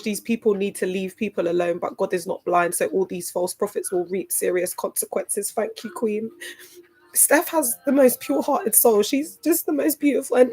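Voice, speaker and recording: A woman's voice: on the high side, a little mellow, slightly rough. A woman hosting a casual livestream, talking emphatically and repeating herself, tearful at times. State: tearful in places. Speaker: livestream host.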